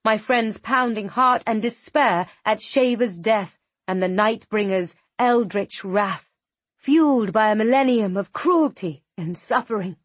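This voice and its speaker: A woman narrating a fantasy audiobook in the first person, measured and tense. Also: medium pitch, no echo.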